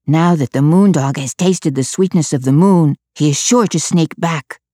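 A woman's voice: deep voice, moderate pace, dark tone, dry recording, studio quality. A woman voicing a wise, watchful male parrot in a storybook, urgent and insistent.

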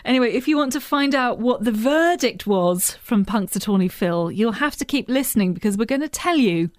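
A woman's voice: a little high, expressive, brisk, no echo. A woman hosting a radio show from the studio, chatting casually, laughing between lines and reading news links. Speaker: radio host. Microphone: studio microphone.

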